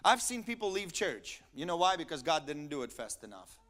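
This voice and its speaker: A male pastor preaching a sermon, swinging from quiet asides to loud, emphatic peaks. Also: on the high side, sing-song, fairly quick.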